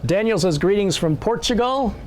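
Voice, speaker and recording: A man's voice: high voice, lively intonation, normal speed, slight background noise. A man hosting a live stream in a casual, chatty way, reading viewer messages aloud and joking at his own expense. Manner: self-deprecating joking.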